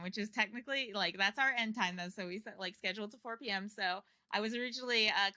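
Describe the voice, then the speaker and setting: Game master type, woman, bright voice, loose rambling narration, dry close mic. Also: fairly high pitch, dry recording. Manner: meandering, many fillers and restarts.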